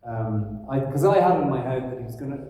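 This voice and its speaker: An Irish actor answering questions on a convention panel in a loose, rambling way with lots of fillers and laughs, heard through a phone in the audience. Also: male voice, mid-range voice, lively intonation, fairly quick, warm tone. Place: large convention hall. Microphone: stage mic, recorded on a phone in the audience. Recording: echoey hall, phone from far off.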